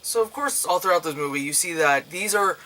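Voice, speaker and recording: Bright-voiced young man ranting about a movie. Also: sits high, lively intonation, brisk, slight background noise, poor audio. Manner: profane, rambling, acts out characters' lines in raised voices. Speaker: movie reviewer. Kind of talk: casual spoken movie review.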